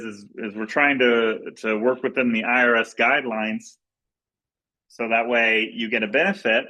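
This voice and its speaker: A man's voice: fairly low pitch, sharp tone, rough recording. A man leading a recorded business training, walking through slides in a casual, repetitive way with lots of fillers and restarts. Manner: informal and repetitive, many fillers and restarts, plain explanatory tone. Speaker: company executive leading a sales training.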